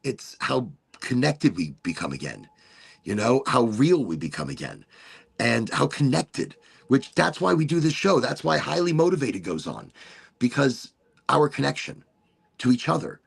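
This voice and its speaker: A man's voice: mid-range voice, very animated, moderate pace, gravelly, husky. A man hosting a casual livestream talk show, rambling enthusiastically with playful asides. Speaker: podcast host.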